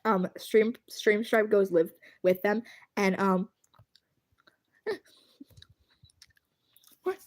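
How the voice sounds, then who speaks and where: A woman's voice: mid-range voice, fairly even intonation, extremely slow, long pauses, a little mellow. A woman chatting casually on a livestream while drawing, rambling and giggling as she thanks her viewers.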